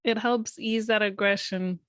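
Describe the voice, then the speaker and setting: A woman's voice: mid-range voice, fairly even intonation, a little slow, clear, resonant tone, dry recording. A young adult woman co-hosting a parenting podcast, talking in a chatty, easygoing way in casual conversation. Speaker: podcast co-host.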